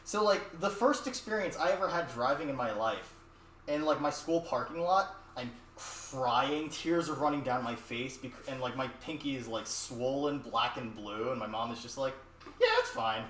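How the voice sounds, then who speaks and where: A man's voice: medium pitch, moderate pace, a bit bright. A young man streaming while he cooks in his home kitchen, chatting casually in a rambling, profane way, picked up by a distant mic. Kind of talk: casual cooking stream chat. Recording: echoey room, distant mic, faint noise.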